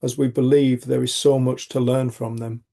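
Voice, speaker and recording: A man's voice: mid-range voice, flat delivery, normal speed, gravelly, warm tone. A middle-aged man hosts a community group. He tells personal stories in a frank, rambling way, restarting sentences and swearing casually. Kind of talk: reflective personal storytelling.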